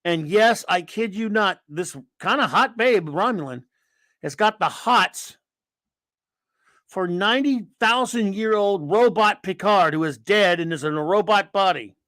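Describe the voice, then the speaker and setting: A man's voice: sits high, lively intonation, measured pace, a bit bright, dry recording. A man hosting a casual live stream, rambling and sarcastic as he greets viewers and rants. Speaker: host of a live stream chat.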